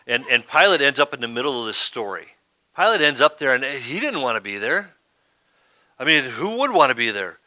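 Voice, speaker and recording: A man's voice: medium pitch, big pitch swings, a little fast, sharp tone, no room sound. A man preaching a sermon as pastor, talking in a conversational way and often asking "right?".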